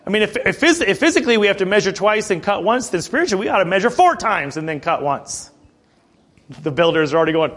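A man preaching a sermon in a conversational, animated way, with frequent asides to the congregation. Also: sits high, a little fast. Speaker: pastor.

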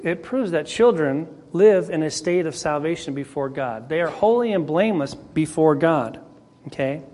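A man teaching a Bible class in a conversational way, clearing his throat often as he starts to lose his voice. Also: a little high, a little mellow. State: losing his voice.

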